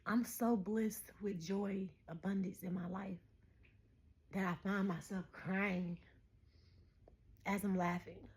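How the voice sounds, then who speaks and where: A spiritual vlogger in her thirties addresses her viewers directly with a casual message, animated, preachy, and quick to laugh. Her pitch is medium, and she takes it slowly with long pauses.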